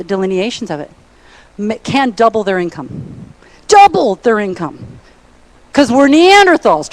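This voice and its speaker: A middle-aged woman giving an energetic, playful motivational seminar talk, bossing a conference audience into call-and-response. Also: mid-range voice. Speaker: motivational speaker. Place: conference hall.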